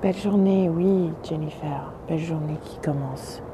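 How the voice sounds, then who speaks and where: This French-accented woman, still sleepy, hosts a casual early-morning phone livestream outside by the windy sea, saying hello to viewers in French and English. Her voice is deep and moderately paced, and the background is noisy.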